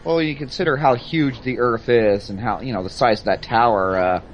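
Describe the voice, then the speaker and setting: A man's voice: medium pitch, moderate pace, a little hiss or hum. A man co-hosting a let's play, making sarcastic jokes and teasing his friend. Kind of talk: casual gameplay commentary.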